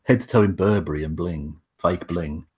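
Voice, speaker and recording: A man's voice: sits low, normal speed, darkish tone, slightly rough. A man with an English accent co-hosting a casual video call chat, wry and chatty with swearing. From England. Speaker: co-host.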